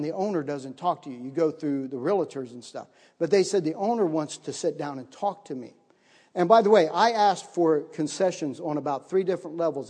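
Middle-aged male preacher, high voice, animated storyteller, sermon in a reverberant church hall. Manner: animated, acts out his own panic in higher voice. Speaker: missionary pastor.

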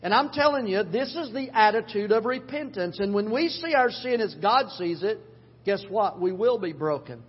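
Older husky-voiced pastor preaching in a hall. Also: male voice, high-pitched, lively intonation, normal speed. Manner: preaching with emphatic repetition, swinging from loud to hushed. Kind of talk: sermon. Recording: dull recording in a hall with long reverb.

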